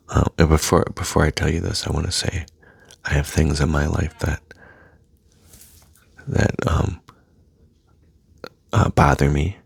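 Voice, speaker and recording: A man speaking in a soft, halting personal monologue that often drops to a near-whisper, with a husky voice. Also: very deep voice, dry recording. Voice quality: husky, gravelly. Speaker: self-help speaker.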